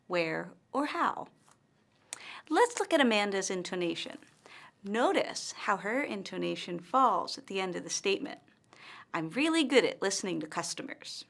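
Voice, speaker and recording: A woman English pronunciation teacher giving a slow, careful, scripted lesson narration. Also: mid-range voice, fairly bright tone.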